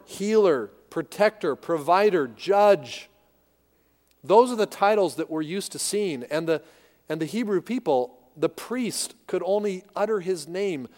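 A male pastor preaching with emphasis, his voice sitting somewhat high and hammering on repeated words. His sermon echoes with a long hall reverb. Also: darkish tone. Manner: emphatic, repeats key words, rhetorical questions.

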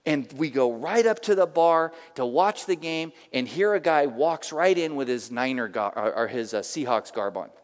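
A middle-aged male pastor from the San Francisco area, preaching a sermon with lively personal stories in a church. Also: medium pitch, normal speed, hardly any pauses. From San Francisco area, USA. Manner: animated, emphatic storyteller. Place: church sanctuary. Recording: reverberant church hall.

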